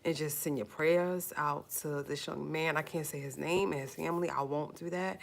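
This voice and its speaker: A woman with a low voice talks straight to her livestream viewers in a casual, earnest way. She repeats phrases, pleads with her audience, and fights back tears. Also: fairly even intonation, moderate pace, gravelly, few pauses, slight background noise. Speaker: YouTube livestream host.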